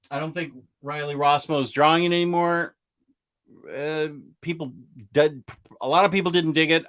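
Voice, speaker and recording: A man's voice: medium pitch, fairly bright tone, clean tone. A man hosting a comic book channel, chatting casually and enthusiastically, rambling and answering viewer comments. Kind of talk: casual livestream chat.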